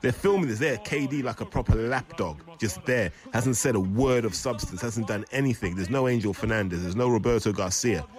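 A man's voice: fairly low pitch, a little fast, few pauses, darkish tone. A man giving blunt, scornful commentary over boxing footage. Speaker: boxing analyst.

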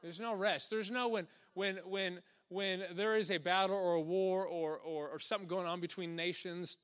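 Young male pastor, slightly high voice, animated sermon delivery, laughs a lot, acts out quoted lines. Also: normal speed, smooth. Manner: energetic, laughing, acts out quotes in soft low voice.

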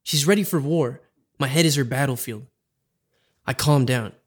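A man narrating a scripted comic story as the host, delivered in a dramatic, deadpan way with bits of rhyme. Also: medium pitch, normal speed.

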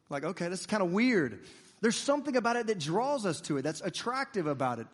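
Guy preaching, kinda high voice, chatty asides to the crowd, big reverby sanctuary sound. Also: quick pace. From United States. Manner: conversational and lively, with playful asides to the congregation. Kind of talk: sermon.

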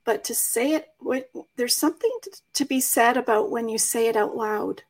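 Breathy woman interviewer thinking aloud. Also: on the high side, moderate pace. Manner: thinks aloud, hesitant restarts. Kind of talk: casual conversational interview.

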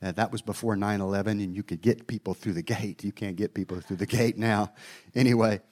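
A man's voice: fairly low pitch, fairly even intonation, a little fast, a little mellow. Folksy middle-aged male preacher. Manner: folksy storytelling with spoken asides. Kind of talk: sermon storytelling.

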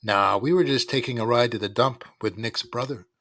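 A man voicing a cocky teenage boy bully who taunts the younger kids in a smug, drawn-out way. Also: medium pitch, fairly bright tone, far from the mic, lightly acted. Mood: smug taunting.

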